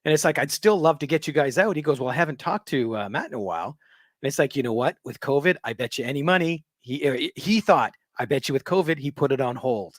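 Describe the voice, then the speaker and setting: A man's voice: medium pitch, expressive, fast, no room sound. A man hosts a live stream and chats in a friendly, easygoing tone. The sound is dry and close. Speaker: show host. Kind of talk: casual live-stream chat.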